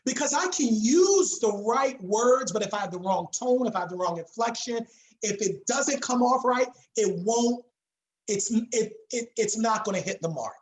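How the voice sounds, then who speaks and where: A woman's voice: on the high side, lively intonation, moderate pace. A woman teaching a public speaking class, speaking with emphasis and repeating her key words for weight. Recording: roomy echo.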